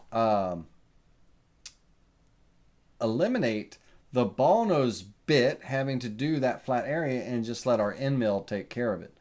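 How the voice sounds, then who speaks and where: A man giving a relaxed live woodworking software tutorial, answering viewer questions with lots of fillers. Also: medium pitch. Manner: casual, folksy, lots of uh and um fillers. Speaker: CNC woodworking instructor.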